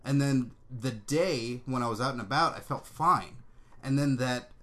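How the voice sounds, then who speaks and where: Male podcast co-host, hoarse throat, easygoing and self-deprecating chatter. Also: medium pitch, normal speed, fairly bright tone. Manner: laid-back, rambling, self-mocking. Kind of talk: casual chat.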